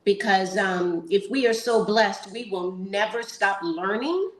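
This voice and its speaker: A woman's voice: mid-range voice, animated, unhurried. A middle-aged woman speaking as a panel guest, earnest and encouraging, with hesitant fillers. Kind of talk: heartfelt panel talk. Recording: roomy echo.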